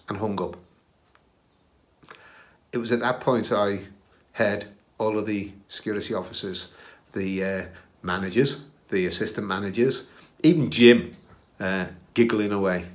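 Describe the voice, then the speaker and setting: A man's voice: on the low side, fairly even intonation, normal speed, pauses often. A middle-aged man with a British accent hosting his own show, telling stories from his career in a chatty, self-deprecating way with plenty of "uh"s and restarts. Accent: British English. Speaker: podcast host recounting his career. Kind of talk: casual storytelling.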